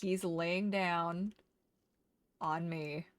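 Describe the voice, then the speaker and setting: A woman's voice: lowish voice, steady tone, extremely slow, no room sound. A woman chatting casually while streaming a game, slipping into doting baby talk to her dog. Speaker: gaming streamer. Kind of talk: casual gameplay chat.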